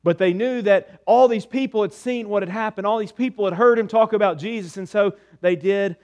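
A man preaching a sermon as pastor, asking rhetorical questions and dropping soft on key words. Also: sits high, brisk.

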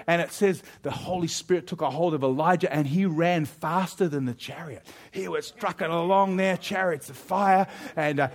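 A male pastor preaching a sermon, telling a story in a lively way and asking his listeners questions. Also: high voice.

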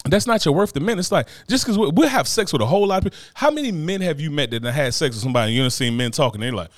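A man's voice: on the high side, expressive, rapid-fire, no room sound, studio quality. A man on a casual podcast chat, talking bluntly and with lots of profanity, often checking in with "you know what I mean". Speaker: podcast co-host.

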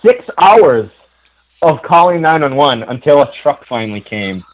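An animated man recounts a story in a casual, chatty way. He laughs often and slips into the voices of the people he quotes. His voice sits a little higher than most men's. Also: measured pace, low-quality recording. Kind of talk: casual anecdote telling.

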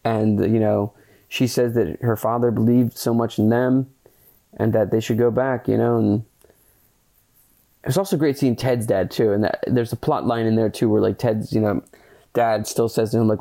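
Talking solo on his podcast, this man reviews a movie with lots of filler words, wandering and loose. Earnest, excitable, and casually profane, he speaks at a normal speed in a lowish voice with vocal fry.

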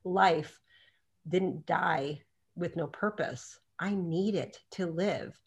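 Lively storytelling woman, lowish voice. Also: slow. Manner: lively storyteller acting out quotes, laughing often. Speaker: doctor and podcast guest. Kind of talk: casual storytelling interview.

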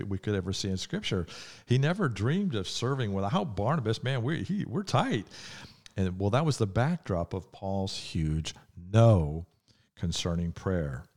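An older man preaching a podcast sermon in a very deep, low voice. He tells the story in a folksy, conversational way. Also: darkish tone. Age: 60s or 70s.

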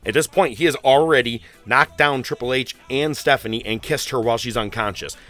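A man's voice: medium pitch, brisk, fairly bright tone, soft background music. A man hosting a casual podcast, rambling and profane, with lots of fillers. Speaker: podcast host.

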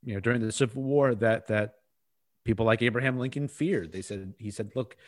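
A man's voice: lowish voice, a little fast. A man co-hosting a podcast, talking in a loose, conversational way with fillers and asides. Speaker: podcast co-host. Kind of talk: casual discussion.

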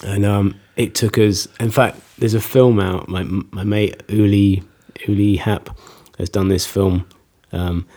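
A man's voice: lowish voice, steady tone, measured pace, few pauses, warm tone. A man, chatting casually and telling rambling stories with frequent laughs. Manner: rambling storyteller, laughs often. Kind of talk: casual conversation.

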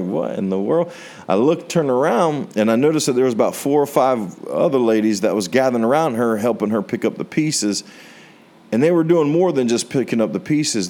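A man's voice: mid-range voice, darkish tone. An American man preaching a sermon, telling a personal testimony in an earnest storytelling way, his voice rising on rhetorical questions. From United States. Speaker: pastor.

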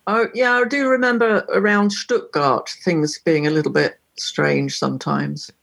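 A woman with a slightly husky, breathy tone talks in a relaxed, chatty way. She tells anecdotes and playfully demonstrates phrases as if teaching a friend. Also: on the low side, unhurried. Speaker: guest musician. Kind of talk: casual conversation on a call.

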